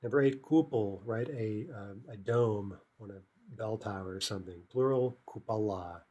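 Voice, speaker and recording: A man's voice: lowish voice, moderate pace, darkish tone, slightly rough, dull audio. A man teaching a recorded language lesson, explaining step by step and checking in with "right?" and "okay" as he goes.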